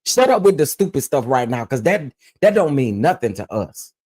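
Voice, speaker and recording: A man's voice: mid-range voice, big pitch swings, moderate pace, a little mellow, slightly rough. A man hosting his own commentary channel, ranting bluntly and emphatically and repeating phrases to press his point.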